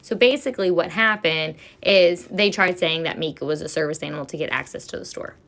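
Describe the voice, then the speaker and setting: A woman vlogger who handles a service dog speaks a little fast in a lowish, creaky, fairly bright voice. She offers earnest commentary while reading out viewer comments and lecturing about service dogs.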